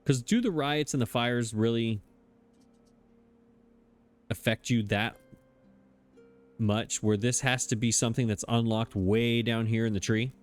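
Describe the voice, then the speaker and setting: A man's voice: medium pitch, fairly even intonation, a little slow, pauses often, soft background music. A man hosting a let's play, thinking aloud in a chatty, puzzled way and poking fun at his own mistakes. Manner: self-mocking, chatty. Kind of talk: casual gameplay commentary.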